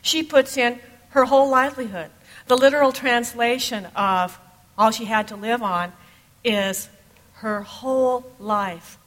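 A woman's voice: on the high side, fairly even intonation, normal speed, a bit bright, long reverb tail, rough recording. A woman pastor delivering a sermon in a conversational, storytelling manner. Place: church sanctuary.

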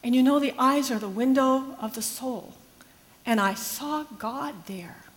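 A woman pastor recounts a personal story of faith, earnest and reflective. Her voice sits a little high, and each measured phrase trails into a long, echoing hall reverb.

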